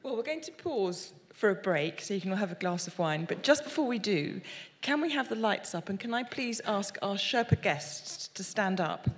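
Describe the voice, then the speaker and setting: A woman's voice: mid-range voice, animated, normal speed. A woman hosting a live evening, making slightly flustered announcements to the audience. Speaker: event host. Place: large lecture hall. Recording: hall with long reverb and audience.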